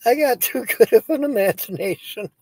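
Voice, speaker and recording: A man's voice: very high voice, animated, moderate pace, darkish tone, no room sound. A man hosting a casual live stream who reads viewer comments aloud, plays with silly wordplay and keeps breaking into laughter. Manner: giggly, breaks into laughter often; playful and goofy, tickled by wordplay.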